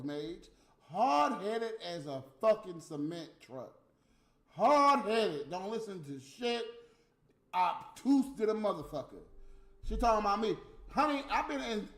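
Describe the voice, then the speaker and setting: A man delivering a heated, profane, scolding rant as a stream host. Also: sits high. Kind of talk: profane ranting monologue. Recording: roomy room with faint music.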